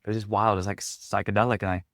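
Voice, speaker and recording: A man's voice: fairly low pitch, level tone, very fast, dry recording, studio quality. A man, a podcast guest, telling a personal story candidly and reflectively, with many filler words. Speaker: podcast guest, performance coach.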